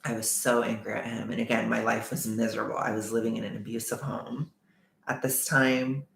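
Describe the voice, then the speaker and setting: Man, storytime vlogger, gravelly fry in his voice, echoey room, candid and emotional. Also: lowish voice, little pitch movement, brisk, fairly bright tone, a little hiss or hum. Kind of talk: storytime vlog.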